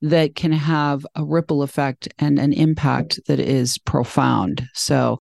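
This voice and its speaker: Podcast host, affirming, slow drawn-out summaries, mid-range pitch, dry mic. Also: fairly even intonation, creaky, a little mellow, no room sound. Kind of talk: interview host closing a podcast.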